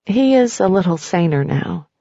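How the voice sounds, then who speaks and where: Woman voicing woman who fled a stalking ex, matter-of-fact, low husky voice, dull lo-fi sound. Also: lively intonation, normal speed, mellow, no room sound.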